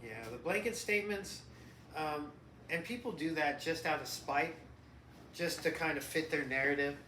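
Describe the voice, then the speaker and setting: A man's voice: on the high side, normal speed, sharp tone. A middle-aged father co-hosting a podcast in casual chat, joking, laughing often and swearing freely. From New York. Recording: echoey room, faint noise.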